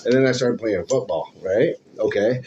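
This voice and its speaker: A middle-aged man telling stories from his life in a casual interview, animated and laughing often, acting out the voices of people he quotes. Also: lowish voice, moderate pace. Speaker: musician guest. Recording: slightly dull, faint hum.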